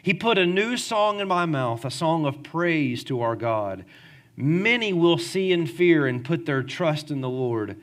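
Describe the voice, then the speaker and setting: A pastor preaching a lively sermon in a slightly higher male voice. He calls for amens, stretches phrases for emphasis and sinks his voice low on key words. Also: unhurried.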